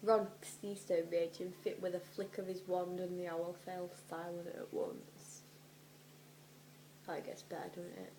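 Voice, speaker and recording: A young woman doing a comedic dramatic reading, animated and sweary, often dropping into whispers for her asides. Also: lowish voice, a little slow, a little hiss or hum, low-quality recording. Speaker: vlogger.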